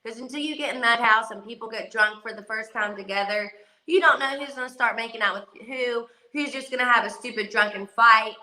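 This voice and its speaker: Southern woman talking loud and brash, cussing, bright voice, echoey room. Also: fairly high pitch, fairly quick. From West Virginia. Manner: brash, cursing, laughs a lot. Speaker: guest, reality competition star. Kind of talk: casual chat on a video call.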